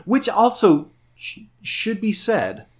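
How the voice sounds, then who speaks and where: A man's voice: high-pitched, huge pitch swings, slow pace. A man co-hosting a podcast, casually and playfully explaining things with enthusiasm. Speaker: podcast co-host.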